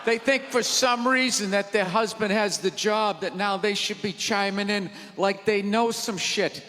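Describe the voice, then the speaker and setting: A man doing a stand-up set on a theater stage, ranting in a loud, exasperated way into a handheld mic. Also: high voice, a little slow. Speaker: stand-up comedian. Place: theater stage before a live audience. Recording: live theater recording with audience noise and reverb.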